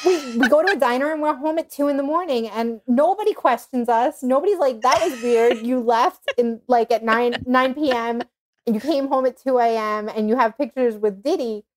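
A woman's voice: high-pitched, moderate pace, a little hiss or hum. A woman in her thirties with a New York accent, telling stories in a casual chat, with lots of fillers. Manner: animated storytelling with many fillers.

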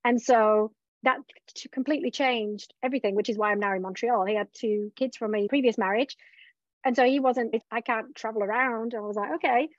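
A woman business coach speaks candidly in a conversational interview, reflecting openly on her journey and often voicing her past thoughts aloud. Her slightly high voice is fairly quick and fairly even in intonation, with no echo, on a dull, dry lo-fi recording.

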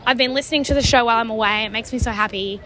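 A woman's voice: a little high, racing, pushed and bright. A young woman co-hosting a podcast, recording a chatty message in a wry, self-deprecating way. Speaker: podcast co-host.

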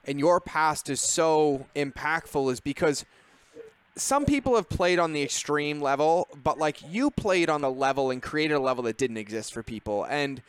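Earnest podcast host, slightly high voice. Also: male voice, animated, normal speed, clean tone, dry recording. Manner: earnest, praising, long run-on thoughts. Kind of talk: casual interview chat.

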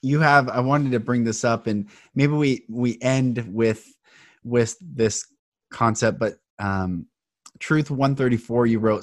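A man hosts a podcast, talking earnestly and enthusiastically and pausing now and then to find his words. His voice sits in a mid range for a man. The sound is dry and close, with no room echo. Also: mid-range voice. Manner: enthusiastic, earnest, hesitant with fillers. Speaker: podcast host. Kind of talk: conversational interview.

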